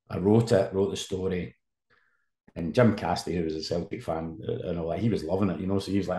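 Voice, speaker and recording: Man, fifties, low voice, roomy echo, lively anecdote teller. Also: a little fast. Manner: animated anecdote-telling, lively asides. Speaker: sports journalist, podcast guest. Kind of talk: casual storytelling.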